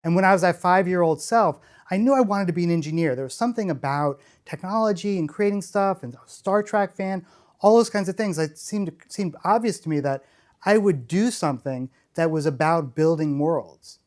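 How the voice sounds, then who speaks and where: A middle-aged man gives a storytelling keynote as a conference speaker, enthusiastic and rambling, frequently restarting his sentences. His voice sits high, a little mellow, and runs a little fast.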